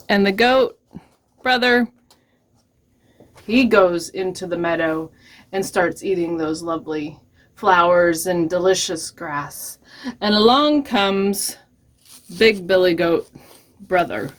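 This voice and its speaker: A woman librarian telling a story to young children in a gentle, expressive way. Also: mid-range voice, slow pace.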